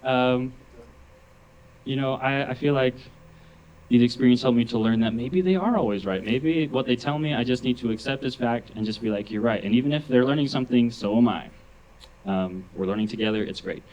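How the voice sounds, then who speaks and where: A man's voice: mid-range voice, brisk, a little mellow, dull audio. A male stand-up comedian on a club stage tells loose, rambling stories. He chuckles to himself often and fills his sentences with "like." The mood is easygoing and casual. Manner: rambling, chuckles often, heavy use of 'like'.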